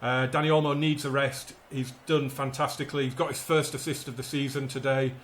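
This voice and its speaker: In a mid-range voice at a fairly quick clip, a man commentates on his own football management game for his YouTube gaming channel. He is excitable and calls the action like a match caller while fretting audibly over results; slight background noise is present.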